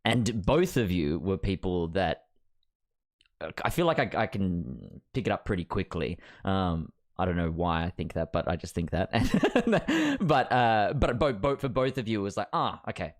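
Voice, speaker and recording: A young man hosting a casual chat, thinking out loud in a measured way. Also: low voice, big pitch swings, no echo, clean studio sound. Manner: thoughtful, measured, hesitant fillers. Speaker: host.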